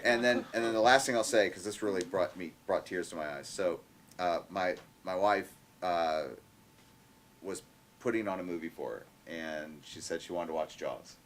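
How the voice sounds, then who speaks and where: Low-voiced man telling animated stories. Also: moderate pace. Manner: animated anecdotes with many restarts. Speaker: guest filmmaker. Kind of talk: casual storytelling chat. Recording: faint background noise, live stream.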